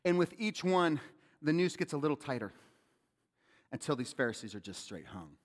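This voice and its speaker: A pastor with a fairly high voice preaches a sermon. He is animated and keeps calling out questions to the congregation. His voice carries a long reverb from the church sanctuary. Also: moderate pace.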